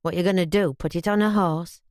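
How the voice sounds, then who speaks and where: A woman voicing a gruff, drunk older man with a broad Yorkshire accent who mutters his words. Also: on the low side, fairly even intonation, fairly quick, a little mellow, dry recording, clean studio sound, natural voice. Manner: muttering, thickened broad speech.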